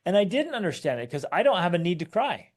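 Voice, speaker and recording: A man's voice: high-pitched, big pitch swings, fast talker, a little mellow. A man co-hosting a family podcast in casual chat, acting out quoted lines with animation. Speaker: podcast co-host.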